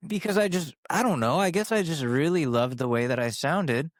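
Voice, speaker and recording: A man's voice: a little high, lively intonation, moderate pace, no echo. A man in his twenties hosting his own podcast, talking in a sarcastic, rambling and profane way on a studio microphone. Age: 20s. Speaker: podcast host. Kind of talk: casual solo podcast monologue. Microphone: studio microphone with compressor.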